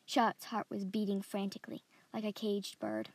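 A woman reading a story aloud in a steady, descriptive way as a podcast host. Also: mid-range voice, moderate pace, hardly any pauses, slightly rough, dry recording. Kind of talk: scripted story narration.

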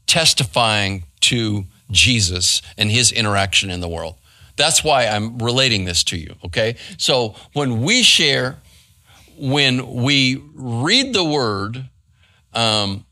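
A man's voice: mid-range voice, bright, forceful tone, no room sound. A middle-aged man and pastor, giving a casual Bible study with many fillers and asides to the room. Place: church hall.

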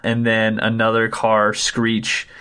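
A man's voice: lowish voice, monotone, slow pace, bright, forceful tone, smooth. A man co-hosting a casual podcast about a film, agreeable and easygoing, retelling scenes with lots of filler words. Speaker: podcast co-host.

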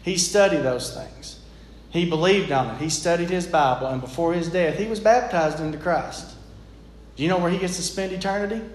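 A man's voice: fairly high pitch, moderate pace, a little hiss or hum. A man preaching a sermon in an earnest, plain-spoken, folksy way. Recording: echoey room.

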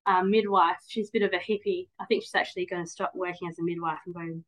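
A woman's voice: lowish voice, steady tone, quick pace, fairly bright tone, low-quality recording. Candid, rambling woman in her thirties. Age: 30s. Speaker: podcast guest. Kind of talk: casual interview chat.

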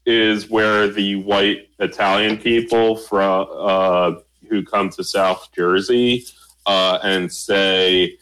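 A man's voice: lowish voice, fairly even intonation, slow pace, a bit bright, clean tone, poor audio. A man riffing through jokes in a casual chat, rambling with fillers.

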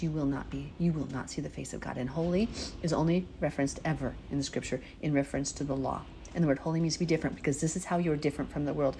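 A woman's voice: deep voice, mellow, slight background noise. A woman giving an informal, earnest Bible teaching, reading verses aloud and explaining them in a preachy, heartfelt way. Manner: earnest, preachy, chokes up emotionally.

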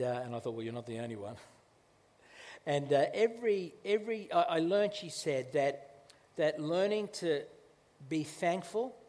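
A male pastor preaching a sermon in a conversational way, with restarts and slow, emphatic phrases, in a church. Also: on the high side, darkish tone, long reverb tail.

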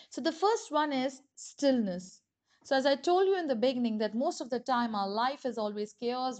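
A woman's voice: a little high, darkish tone. A woman pastor giving an earnest podcast sermon, stressing key phrases and often repeating words as she goes. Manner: earnest preaching, rising emphasis on key phrases; restarts and repeats words while speaking.

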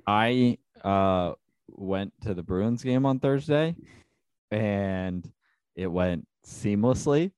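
A man chatting casually as podcast co-host, with laid-back, deadpan asides. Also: on the low side, slow pace, clear, resonant tone, no room sound. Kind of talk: casual chat.

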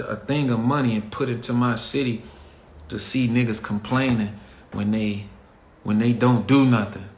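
A man's voice: medium pitch, a bit bright. A man with a Chicago accent hosting his own show, talking to listeners in a blunt, heated, slang-heavy rant. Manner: blunt, heated, slangy, talks straight to the audience. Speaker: podcast host. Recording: echoey room with faint ambient noise.

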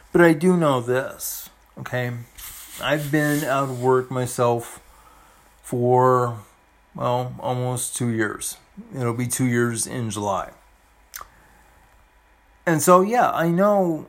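A man in his forties talking earnestly and gently to the camera, halting often and restarting his sentences, with soft emotional laughs. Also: mid-range voice. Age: 40s. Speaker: vlogger. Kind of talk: heartfelt personal talk to camera.

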